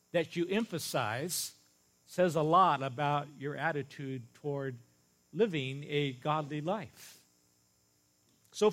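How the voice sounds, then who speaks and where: A male pastor preaching a sermon to a live congregation, stressing single words hard and addressing the room directly. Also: on the high side. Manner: animated, leaning hard on single words for emphasis; speaks directly to the congregation with light laughs. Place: church service before a congregation.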